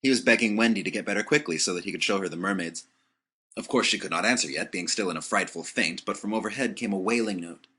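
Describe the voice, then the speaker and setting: A man narrating an audiobook with expressive storytelling. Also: deep voice, fast talker, breathy edge.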